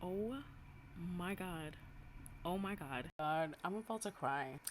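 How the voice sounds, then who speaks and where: Chatty woman vlogger, slightly low voice. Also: slow pace, a little hiss or hum. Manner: chatty, excitable, nervous. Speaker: beauty and fitness vlogger. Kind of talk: casual vlog diary.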